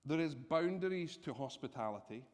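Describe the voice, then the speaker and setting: A man preaching a sermon, telling a personal story in an animated, self-deprecating way. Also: a little high, normal speed. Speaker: pastor. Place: church hall. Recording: long reverb from a church hall.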